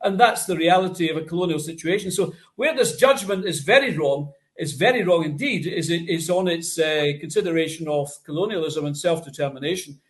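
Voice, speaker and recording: An earnest man lectures as a guest on a discussion panel. His voice sits slightly high, and he often repeats words as he builds his argument. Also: fairly quick, hardly any pauses. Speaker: guest academic. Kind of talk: political discussion.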